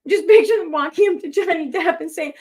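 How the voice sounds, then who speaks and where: A woman's voice: very high-pitched, fast talker, darkish tone. A young adult woman reading online posts aloud and adding rambling, sarcastic commentary full of fillers.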